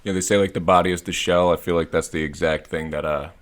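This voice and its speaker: A man with a very low voice talks fast and offhand as a co-host of a casual comic book podcast. He spins quick fan theories, tumbling from one thought to the next. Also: fairly even intonation.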